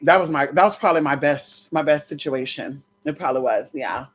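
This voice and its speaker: A woman's voice: low voice, a little fast, husky. A woman vlogger telling a brash, profane story straight to her viewers in a chatty way. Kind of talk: storytime chat to camera.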